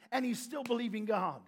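A male preacher with a very high, husky voice delivers a lively sermon. He tells stories and now and then shouts a line for emphasis. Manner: animated storytelling with shouted emphasis and laughs.

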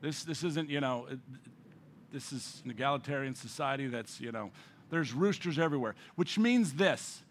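A man preaching a sermon as pastor, swinging between loud emphasis and hushed, near-whispered passages, often repeating words as he restarts a phrase. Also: medium pitch, lively intonation, normal speed.

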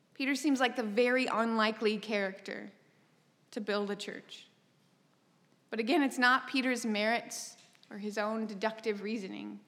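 A woman's voice: fairly high pitch, fairly bright tone. Woman preaching in a reverberant hall. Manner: measured and emphatic, with wry asides. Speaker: pastor. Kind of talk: sermon. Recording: long reverb from a large hall.

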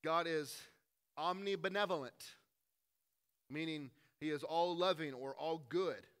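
Bright high-voiced male preacher. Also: clear, resonant tone. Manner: conversational preaching, swinging from loud and quick to hushed and slow. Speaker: pastor. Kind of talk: sermon.

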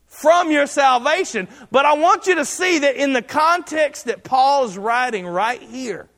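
A man preaching a sermon, emphatic and building to shouts on key lines. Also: very high voice, long reverb tail.

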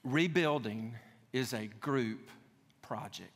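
A man's voice: mid-range voice, slow pace, fairly bright tone. A man preaching a sermon as pastor, repeating key phrases for emphasis with conversational asides to his congregation. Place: church sanctuary. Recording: long hall reverb.

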